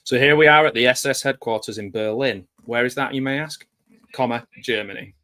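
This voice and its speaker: A man's voice: medium pitch, brisk, pushed and bright, no echo. Wry man chatting over a film. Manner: chatty and wry, with dry jokes and frequent fillers. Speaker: film commentary host. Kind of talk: casual live film commentary.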